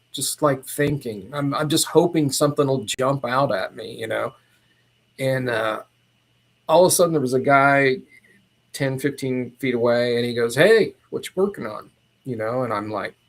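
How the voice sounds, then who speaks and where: A man of ordinary pitch talks as a podcast guest. He tells his story in a loose, casual way. He drifts and circles back but stays animated throughout. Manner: meandering, animated retelling.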